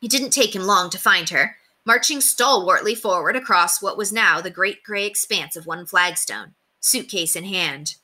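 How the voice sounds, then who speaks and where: A woman reading a children's novel aloud as a teacher, giving the characters expressive voices. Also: medium pitch, normal speed, hardly any pauses. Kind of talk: storybook read-aloud.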